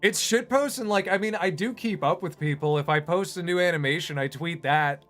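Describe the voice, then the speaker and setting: A man's voice: high-pitched, brisk, fairly bright tone, soft background music. A man who animates online, chatting casually on a livestream in a rambling, self-deprecating way. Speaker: streamer and animator.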